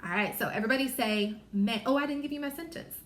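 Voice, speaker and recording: A woman teacher running a small-group phonics lesson, her voice sitting a little high. She stretches out letter sounds slowly and carefully, cheering the children on as she goes. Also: expressive, roomy sound. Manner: apologetic, encouraging. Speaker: reading teacher.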